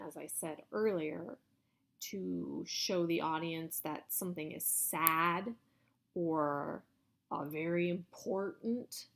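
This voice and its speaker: Woman instructor, slightly low voice, patient explanatory lecture delivery. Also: slow pace, vocal fry. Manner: explanatory, even teaching tone with some hedging. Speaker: college instructor. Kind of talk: recorded video lecture.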